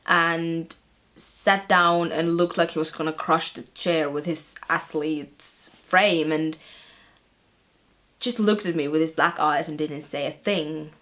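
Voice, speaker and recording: A woman's voice: lowish voice, takes it slowly, fairly bright tone. A young woman playing a chatty teenage girl tutor who recounts her week with wry amusement, with fillers along the way. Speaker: vlogger. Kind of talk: scripted vlog-style monologue.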